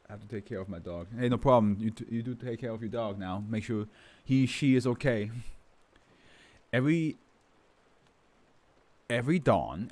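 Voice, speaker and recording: Give me a man with a lowish voice, casually chatting and reading aloud on a stream with lots of ums and laughs. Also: darkish tone. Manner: rambling, laughs often, many fillers. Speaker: host reading to a live stream.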